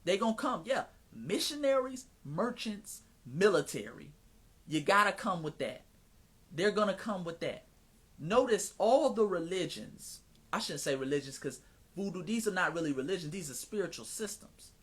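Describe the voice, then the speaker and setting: Animated man on a live stream. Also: high-pitched, normal speed, slightly rough. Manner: animated, preacher-like cadence, switches into mocking voices. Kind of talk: casual live-stream commentary.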